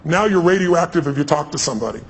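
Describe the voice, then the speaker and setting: A man telling stories on stage to a live audience in an animated, emphatic way, sometimes repeating words. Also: on the high side, quick pace, slightly rough. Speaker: guest speaker on stage. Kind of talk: energetic on-stage storytelling. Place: large hall with live audience. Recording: reverberant hall, faint ambient noise.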